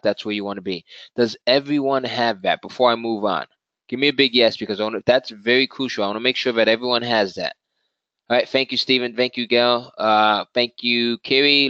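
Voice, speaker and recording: A man's voice: mid-range voice, a bit bright, no echo, dull audio. A man teaching a live webinar with energy, often asking "right?" and reading out attendee names. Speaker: webinar presenter.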